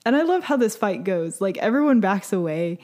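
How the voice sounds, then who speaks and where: Young woman chatting about a show, animated, does little voices, mid pitch. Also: normal speed. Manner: animated storytelling with laughs and quoted voices. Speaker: podcast co-host recapping a series. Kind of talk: casual chat.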